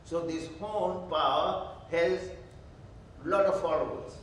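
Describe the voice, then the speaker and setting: A male pastor teaches slowly and emphatically, posing questions and answering them himself. His voice sits high, and it comes from far off in a very echoey church hall with faint room noise. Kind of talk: Bible study teaching.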